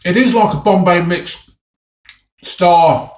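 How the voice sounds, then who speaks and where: A man's voice: sits high, slow, darkish tone, echoey room. A man with an English Midlands accent chatting casually to viewers as he tastes food for his vlog, enthusiastic and chatty. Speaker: food vlogger.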